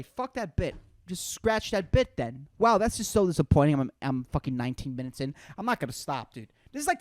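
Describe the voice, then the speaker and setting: A man in his twenties rambles through his solo comedy podcast, swearing constantly and sprinkling in "dude" and "man." His voice is a little high, and there's no room sound.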